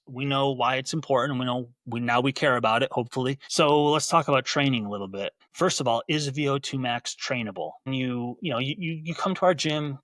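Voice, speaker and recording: A male gym coach talking through a training topic in a relaxed, explanatory way. His voice sits at an ordinary middle pitch. It is recorded close and dry, with no room sound. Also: no room sound. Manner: conversational, repeats words while restarting sentences. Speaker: podcast host and gym coach. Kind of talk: casual explanatory talk.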